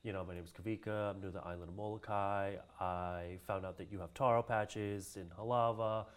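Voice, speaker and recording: A man's voice: fairly low pitch, steady tone, fairly quick, smooth. A man telling a story in a casual interview, laughing often and acting out the voices of the people he quotes. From Hawaii. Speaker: guest, cultural practitioner.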